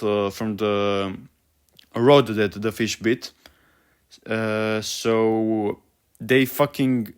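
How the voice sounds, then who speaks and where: A young man ranting about a book he hates, profane and exasperated, stumbling over his words with many fillers. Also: mid-range voice. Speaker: vlogger.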